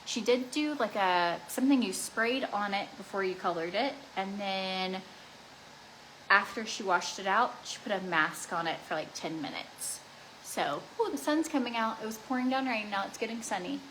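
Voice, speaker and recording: A woman's voice: medium pitch, animated, normal speed, fairly bright tone, slight background noise, poor audio. A young woman chatting casually while doing her makeup at home, rambling with lots of "like" and restarts. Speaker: beauty vlogger.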